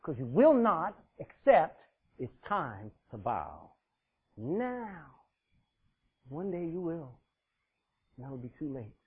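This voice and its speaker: A man preaching a sermon, emphatic, swinging between loud and quiet. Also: on the high side, husky. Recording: tinny phone-like sound.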